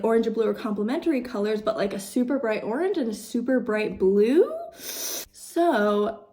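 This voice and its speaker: A young woman chats about her crochet makes in a casual, upbeat way, filling her sentences with easy fillers. Her voice sits fairly high. The room around her sounds roomy and echoey. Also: a little mellow. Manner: chatty, filler-heavy, upbeat. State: out of breath. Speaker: crochet vlogger. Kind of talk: casual chat.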